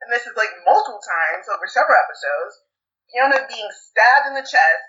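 A woman's voice: a little high, animated, a little fast, bright, forceful tone. A woman co-hosting a podcast, ranting with exasperation and sarcastic mock quotes about a TV episode. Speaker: podcast co-host. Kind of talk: casual TV episode recap chat. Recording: dull lo-fi recording.

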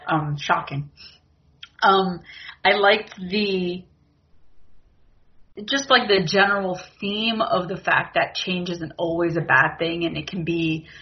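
A woman's voice: lowish voice, slow pace, long pauses. Giggly woman recapping a TV episode. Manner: chatty, giggly, filler-heavy. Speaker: podcast co-host. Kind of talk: casual TV recap chat. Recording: muffled lo-fi audio.

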